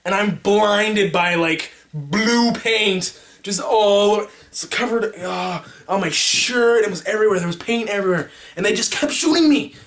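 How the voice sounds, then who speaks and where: Man rambling through an animated story. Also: high-pitched, unhurried. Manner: animated, rambling, with sound effects. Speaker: vlogger. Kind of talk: casual storytelling to camera.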